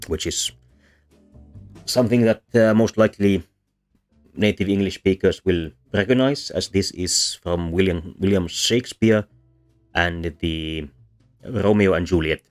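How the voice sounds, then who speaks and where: A man's voice: sits low, measured pace. A man giving a casual, hesitant lecture on linguistics, with frequent ums and restarts. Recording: soft background music under voice.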